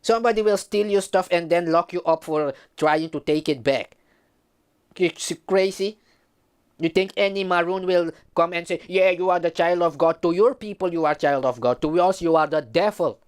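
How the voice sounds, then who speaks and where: Guy ranting on his vlog, heated and preachy, kinda high clean voice. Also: moderate pace, clear, resonant tone. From Suriname. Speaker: commentator.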